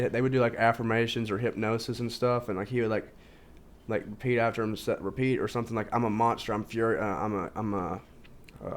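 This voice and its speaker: A man talking casually in a rambling self-help monologue, full of fillers and restarts. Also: lowish voice. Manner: informal, says "like" constantly. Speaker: video host.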